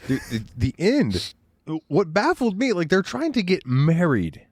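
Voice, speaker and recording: Animated Southern man on a podcast. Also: high-pitched, measured pace, no echo, studio quality. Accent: American Southern. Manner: animated, acts out scenes in funny voices. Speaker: podcast co-host. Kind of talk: casual chat.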